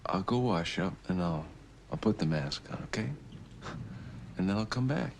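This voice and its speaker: An actor playing a volatile, clingy young man who swings between soft pleading and sudden outbursts in a film drama. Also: low-pitched, expressive, normal speed, vocal fry, a little hiss or hum.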